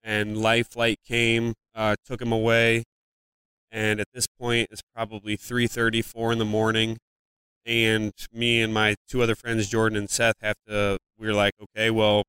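A man from Ohio guesting on a podcast, talking through a story in a loose, rambling way, full of "like" and the odd curse. His voice is smooth and even, caught dry and close with almost no room sound. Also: fairly low pitch, normal speed, no room sound. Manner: rambling, frequent "like" fillers and swearing. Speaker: comedian guest. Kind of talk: casual storytelling in a podcast interview.

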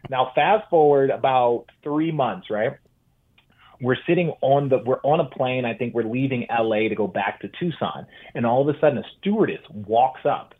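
A man in his forties, a former basketball player, telling stories as an animated podcast guest, with restarts. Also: mid-range voice, normal speed, slightly rough. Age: 40s. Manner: animated storyteller, with restarts and acted-out quotes. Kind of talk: casual storytelling chat. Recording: tinny phone-like line.

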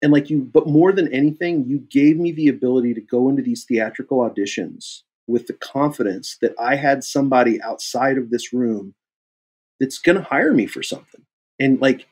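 A man from Kansas City, a guest actor in a casual interview, telling stories with lively acted-out dialogue. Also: moderate pace, husky. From Kansas City, USA. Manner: animated storyteller who acts out both sides of dialogues, jumping high in pitch.

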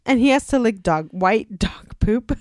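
A woman guest co-host in a casual podcast chat, telling an animated, profane story with frequent laughter on a close mic. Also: on the high side, a little slow, no room sound.

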